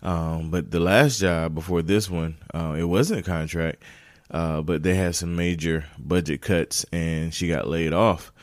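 A man's voice: low voice, steady tone, a little slow, no echo, clean studio sound. A man hosting his own podcast, talking casually with lots of slang and "man, you know" fillers. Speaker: podcast host. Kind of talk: casual solo podcast chat.

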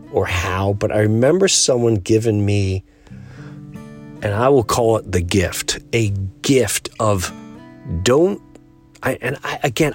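A man hosting a podcast, talking in an earnest, rambling way and acting out the people he quotes. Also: on the low side. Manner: acts out quoted voices. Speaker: podcast host. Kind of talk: casual monologue.

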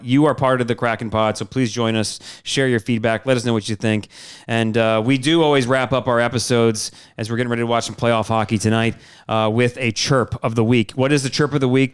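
A man hosting a podcast in casual, excitable chat, often restarting his sentences. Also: medium pitch, smooth. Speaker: podcast host.

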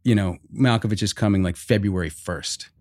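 Swearing, animated middle-aged male guest. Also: fairly low pitch, normal speed, dry recording. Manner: animated storyteller, swears, acts out quotes. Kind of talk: casual podcast interview.

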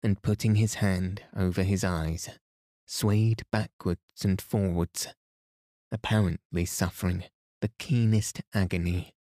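A man reading a story aloud as a calm bedtime podcast host, soothing and even. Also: deep voice, slow, dry recording, clean studio sound.

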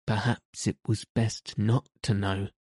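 A man narrating a classic storybook in a measured, gentle manner. His voice is low and warm, and his pace is very slow. The sound is close and dry. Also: level tone, husky, no echo.

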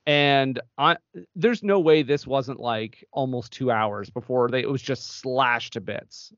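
A man's voice: medium pitch, a little slow, a bit bright, no echo. Chatty man on a movie podcast. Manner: chatty, laughs often, wanders mid-thought. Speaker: podcast co-host. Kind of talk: casual chat. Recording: dull, dry podcast audio.

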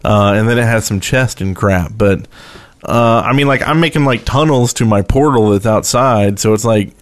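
A man's voice: lowish voice, normal speed, no echo. A man co-hosting a casual podcast, making dry short quips. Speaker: podcast co-host. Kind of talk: casual chat.

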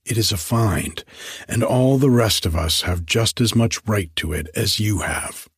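A man's voice: on the low side, expressive, measured pace, vocal fry, husky, no echo, studio quality, full character voice. A man voicing a blunt young male student who firmly cuts in to argue. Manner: firm, cutting in.

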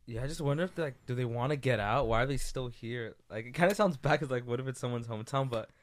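A young man from California co-hosting a casual podcast chat, laid-back and heavy on fillers, often trailing off softly. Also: medium pitch, fast. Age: young adult. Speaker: podcast co-host.

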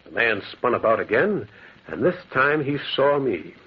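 A man's voice: medium pitch, big pitch swings, normal speed, slightly rough. A man playing a lonely former prospector who narrates a 1940s radio drama, an old muffled recording. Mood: brooding. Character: lonely male loner who once prospected in the mountains.

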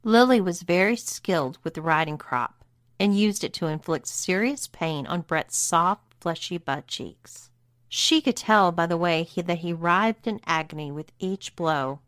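A woman narrating an erotic story in a steady, even reading voice. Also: lowish voice, measured pace, no echo, studio quality. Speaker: story reader.

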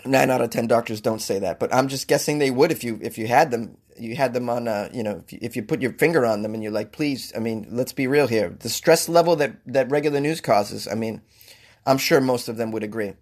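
A man's voice: mid-range voice, fairly quick, a little mellow. A man hosting a comedy podcast, riffing in a jokey, rambling way with self-mocking asides. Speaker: podcast host. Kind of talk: casual comedic monologue.

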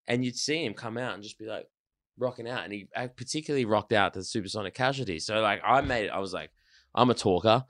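A man, a band member telling stories loudly and animatedly, swearing freely in casual chat. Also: on the low side, fast talker, no echo, clean studio sound. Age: 30s. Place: rehearsal studio.

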